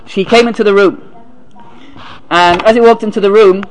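A man giving a sermon as a rabbi, halting and repeating words, then reading a story aloud. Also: sits high, fairly even intonation, low-quality recording.

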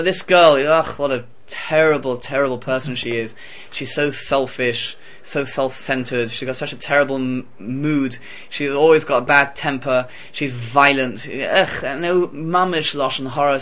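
A man giving a Torah lesson in a lively, conversational storytelling manner. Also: medium pitch. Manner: animated, conversational. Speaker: Torah teacher.

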